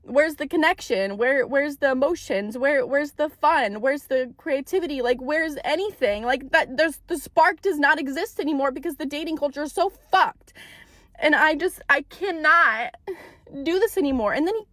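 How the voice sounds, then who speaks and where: Young woman, high voice, dry close sound, frustrated swearing rant, phone storytime. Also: moderate pace, fairly bright tone, no echo. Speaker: TikTok storyteller. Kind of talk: ranting storytime.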